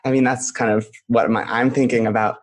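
Very low-voiced deadpan woman, halting. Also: no echo. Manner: halting, deadpan, full of restarts and "you know". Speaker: comedian playing a character. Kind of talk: improvised comedy podcast.

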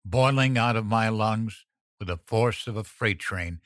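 A man reading a first-person horror story as an audiobook narrator, tense and measured. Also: on the low side, fairly bright tone, no room sound, clean studio sound.

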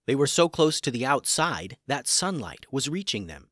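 A man narrating a scripted children's adventure story in an animated, dramatic way. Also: mid-range voice, normal speed, dry recording, studio quality.

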